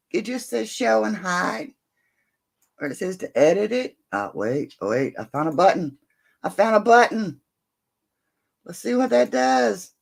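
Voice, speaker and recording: Older woman, livestream host, rambling and chatty, lively pitch, slow delivery. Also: gravelly, breathy edge. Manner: chatty, rambling, reads out viewer comments; talks to her dog in between. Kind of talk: late-night casual livestream chat.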